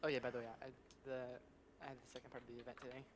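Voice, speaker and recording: A man chatting casually with a streamer friend about a game, quick and laughing often. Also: mid-range voice, flat delivery, a little hiss or hum. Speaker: friend in voice chat. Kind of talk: casual gaming chat.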